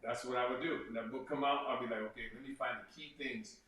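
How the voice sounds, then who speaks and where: Ernsthafter Mann, hallender Raum. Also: male voice, medium pitch, steady tone, quick pace, a bit bright. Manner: earnest, repeats phrases, acts out quotes. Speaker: interview guest. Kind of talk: casual interview talk. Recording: echoey room from far off.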